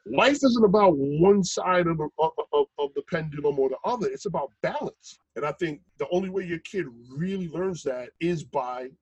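A man's voice: on the high side, normal speed, hardly any pauses, slightly rough, dry recording, dull audio. A man, talking casually and swearing freely as he tells stories. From Brooklyn, New York. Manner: profane, animated storyteller. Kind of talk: casual chat.

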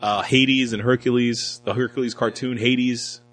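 A man's voice: medium pitch, steady tone, unhurried, fairly bright tone, slight background noise, rough recording. A man co-hosting a casual film review chat, joking and sarcastic, acting out lines from the movie. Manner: joking, sarcastic, acts out quotes with a voice. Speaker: podcast co-host reviewing a film.

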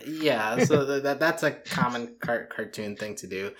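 A man co-hosting a casual cartoon review chat, speaking in halting bursts with frequent restarts and fillers. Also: mid-range voice, fairly bright tone. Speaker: podcast co-host.

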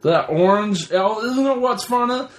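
A man's voice: high voice, animated, unhurried. A man hosting a comedy podcast, talking in a silly put-on voice he keeps dropping, with frequent swearing. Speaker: podcast host.

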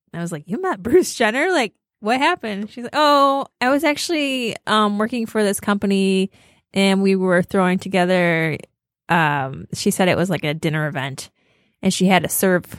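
A woman's voice: medium pitch, a bit bright, no echo. Podcast co-host, female, giggly gossip storyteller, dry close mic. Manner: giggly storyteller, acts out quotes. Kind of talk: casual chat.

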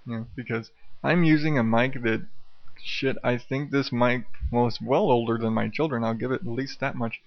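A man's voice: medium pitch, fairly even intonation, moderate pace, no room sound, highs cut off. Male solo podcast host, rambling and profane, self-mocking; dry, close sound through an old karaoke mic at home. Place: untreated room at home, late at night. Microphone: old dynamic karaoke microphone.

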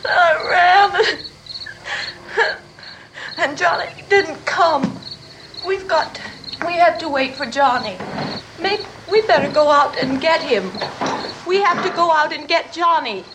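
A young woman in shock in an old horror film, her dreamy, drifting voice high and slow. She breaks into crying screams. A loud hiss sits behind her. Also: animated, exaggerated voice. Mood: hysterical. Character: dazed young woman in shock, then hysterical. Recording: noisy old film soundtrack.

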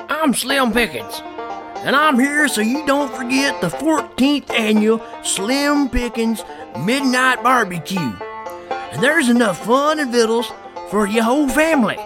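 A man doing a drawling cowboy pitchman. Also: exaggerated voice. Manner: drawling country huckster pitch. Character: folksy old cowboy actor hawking a barbecue. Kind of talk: spoof radio ad.

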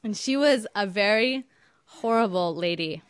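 A woman's voice: mid-range voice, lively intonation, a little slow, noisy background. A woman telling a personal story in an emphatic, wry, indignant way. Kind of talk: personal story told to an audience.

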